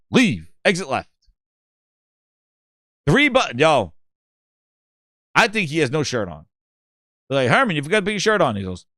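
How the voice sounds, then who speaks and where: A man hosting a gaming channel in casual commentary, excitable and joking, swearing freely. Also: sits high, smooth, no echo, studio quality.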